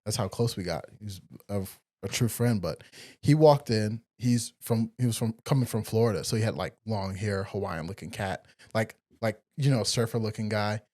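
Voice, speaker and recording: A man's voice: on the low side, normal speed, darkish tone. A man tells blunt, profane stories about old jobs. He chats casually on a podcast and slips into his bosses' voices as he talks. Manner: storytelling, acts out old bosses, swears freely. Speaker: podcast co-host. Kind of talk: casual chat.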